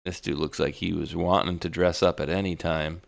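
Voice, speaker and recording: A man's voice: deep voice, flat delivery, moderate pace, creaky, a little hiss or hum. A middle-aged man from Rhode Island co-hosting a livestream, rambling in loose casual chat and laughing often. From Rhode Island, United States. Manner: loose, rambling, laughs often, drops slang like dude and bro. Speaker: livestream co-host.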